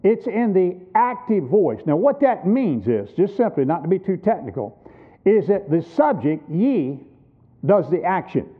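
A husky, high-voiced man in his sixties preaches a sermon at a missions conference in a church, very animated and at a measured pace. He's emphatic and teaches through rhetorical questions, and the recording has a tinny, phone-like sound.

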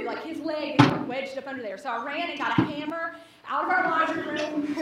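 A young woman telling a funny personal story to a live audience, animated and laughing as she acts out the people in it. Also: sits high, brisk, few pauses, very noisy. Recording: echoey hall, distant mic, audience.

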